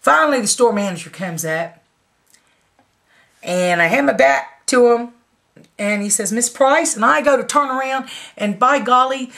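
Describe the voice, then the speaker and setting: A woman's voice: fairly high pitch, unhurried, creaky, fairly bright tone. A woman in her forties telling a story in a casual, blunt way, swearing freely and laughing along. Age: 40s. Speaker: vlogger.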